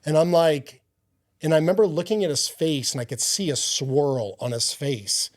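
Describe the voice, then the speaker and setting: A man's voice: fairly high pitch, normal speed, no room sound. A man speaking as a podcast guest, giving an earnest, rambling personal faith testimony with many fillers and restarts.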